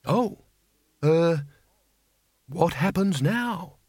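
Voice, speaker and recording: A man's voice: a little high, animated, extremely slow, a little mellow, long reverb tail, voice pushed up, exaggerated voice. Man doing a fussy, stammering genteel teacher. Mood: bewildered. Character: polite, fussy, bewildered male teacher.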